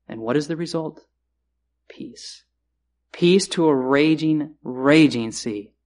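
A man preaching a sermon, earnest, repeating key phrases and swinging between raised and hushed delivery. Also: medium pitch.

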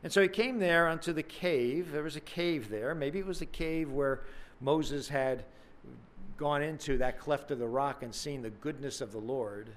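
A man's voice: fairly high pitch, moderate pace. A man preaching a sermon in a conversational, earnest way, acting out questions with dramatic emphasis.

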